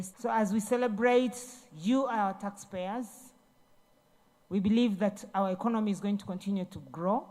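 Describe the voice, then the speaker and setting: A woman's voice: mid-range voice, warm tone. A woman, a government minister, giving a ceremony speech, telling Bible stories in a preachy way and repeating herself. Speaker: guest speaker, government minister. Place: large event hall.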